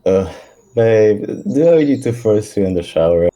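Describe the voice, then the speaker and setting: A man's voice: on the low side, lively intonation, moderate pace, warm tone, lightly acted. A man voicing a playful, mischievous feline man in a live story reading, with a teasing manner.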